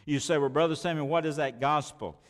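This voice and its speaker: A man preaching a sermon as pastor, emphatic, repeating words and swinging between loud declarations and quiet asides. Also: fairly high pitch, a little fast, big-room sound.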